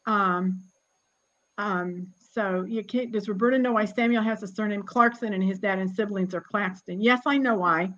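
A woman in her sixties, a genealogist guest, telling family stories in a lively, chatty way and laughing often. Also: mid-range voice, normal speed, dull audio. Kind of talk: casual storytelling conversation.

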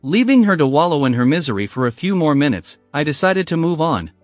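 A man's voice: a little high, very animated, brisk, dry recording. A man narrating a first-person revenge story in a bitter, controlled way. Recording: dry voice with faint music behind.

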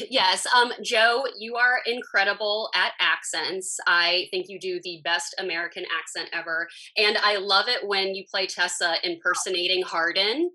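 Bright, breathy young woman interviewer. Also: medium pitch, steady tone, moderate pace, few pauses, poor audio. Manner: gushing, uses like and you know a lot. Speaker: entertainment interviewer. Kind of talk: enthusiastic interview questions.

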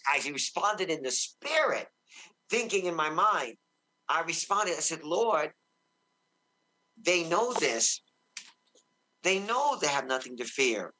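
Man, fervent preacher, slightly high voice, shouts of praise, slows down for solemn quotes. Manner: slows and deepens when quoting God. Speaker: guest minister. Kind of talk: excited preaching in a talk show interview.

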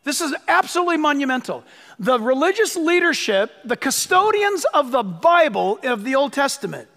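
A man's voice: very high-pitched, big pitch swings, moderate pace, a bit bright. A man preaching a sermon as pastor, speaking emphatically, repeating phrases for stress and urging listeners to write things down. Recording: long hall reverb.

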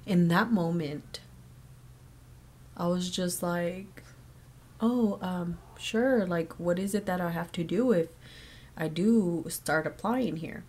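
A woman's voice: on the low side, slow pace, pauses often, darkish tone, breathy edge. A young woman telling a personal story to camera in a casual vlog, with lots of fillers and acted-out quotes from the people involved. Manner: chatty, many fillers and quoted dialogue. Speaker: vlogger. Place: her bedroom.

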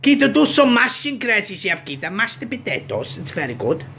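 A man hosting a playful home cooking video with his children, boisterous and given to shouted catchphrases. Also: high voice, sing-song, fairly quick, vocal fry, background noise. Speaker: home cooking show host and dad. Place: home kitchen, indoors.

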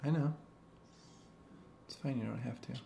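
A man's voice: medium pitch, normal speed, creaky, echoey room, slight background noise. A man chatting patiently and encouragingly with his young daughter while they draw together at home. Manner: patient, gentle and encouraging, often soft-spoken. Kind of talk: casual chat with a small child. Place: home computer room.

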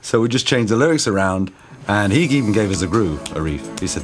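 A man telling an anecdote in an interview, animated and ready to do other people's voices. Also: on the low side, fairly quick, over music. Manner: animated storyteller doing voices.

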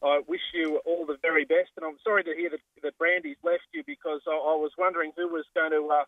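A man's voice: a little high, flat delivery, fast, dry recording. A man with an Australian accent joining a radio show by phone, friendly and joking. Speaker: guest. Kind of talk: phone interview. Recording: tinny phone line.

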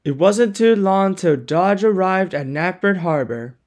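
A narrator reading a cartoon engine story in a plain, even storybook manner. The delivery is slow and unhurried, at a middle pitch. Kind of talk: storybook narration for a fan-made animated series.

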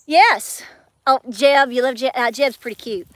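A woman's voice: a little high, lively intonation, a little slow, fairly bright tone, no echo. A woman telling a story to her viewers in a chatty way, acting out quotes with big swings in her voice. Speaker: homestead vlogger.

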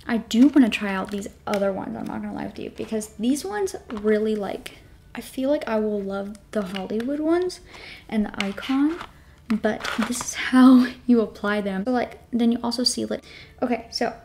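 A woman's voice: fairly high pitch, normal speed, mellow, slight background noise. A woman beauty vlogger chatting casually through a product tutorial, filling her talk with "like" and playing up her reactions, sometimes dropping to a whisper while concentrating. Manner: chatty, filler-heavy, self-dramatizing.

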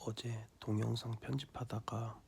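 Fast-talking young Korean-accented man. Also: medium pitch, level tone, creaky, roomy sound, background noise. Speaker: vlogger. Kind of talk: casual vlog chat.

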